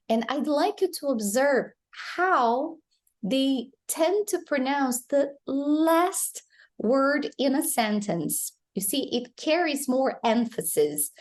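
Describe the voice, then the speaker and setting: A woman with a Brazilian Portuguese accent teaching English pronunciation, explaining slowly and modeling phrases for students to repeat. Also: high voice, big pitch swings. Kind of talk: pronunciation lesson.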